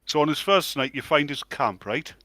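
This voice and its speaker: A man's voice: a little high, expressive, normal speed, pushed and bright, no room sound. A man, cohosting a casual podcast and building up jokes. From England. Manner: joking, builds up punchlines. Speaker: podcast co-host. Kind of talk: casual chat.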